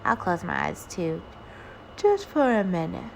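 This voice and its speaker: A woman voicing a cheerful, literal-minded housekeeper in a children's storybook, earnest and bright. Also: fairly low pitch, huge pitch swings, unhurried, vocal fry, slight background noise, heavily acted.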